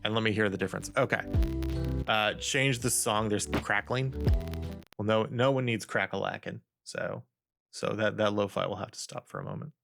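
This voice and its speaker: A man's voice: lowish voice, steady tone, normal speed, creaky, fairly bright tone. Playful man testing his mic. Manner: playful, silly repeated test phrases. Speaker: streamer. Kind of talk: casual mic test chat. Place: home streaming setup. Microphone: studio desk mic. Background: music playing.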